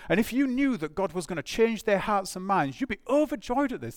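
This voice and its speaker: A man preaching a sermon, animated and emphatic, with rhetorical questions and restarts. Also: high voice, moderate pace, hardly any pauses, dry recording, clean studio sound.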